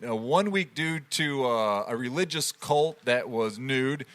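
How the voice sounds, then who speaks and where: A man co-hosting a podcast, telling stories in relaxed casual banter with wry jokes. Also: medium pitch, a little slow. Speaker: podcast co-host.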